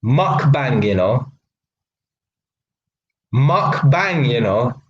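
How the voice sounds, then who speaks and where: A man's voice: medium pitch, sing-song, very slow, highs cut off. A young man, chatting bluntly and mockingly on his own live stream. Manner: blunt and mocking, London slang, frequent laughs. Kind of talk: casual live stream chat. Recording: echoey room.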